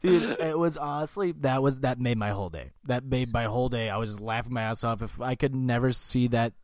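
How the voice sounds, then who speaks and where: A young man co-hosting a podcast, telling loose, profane stories in casual chat and loudly acting out what people said. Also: mid-range voice, a little fast, no room sound, clean studio sound. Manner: swearing storyteller, acts out quotes loudly. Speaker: podcast co-host.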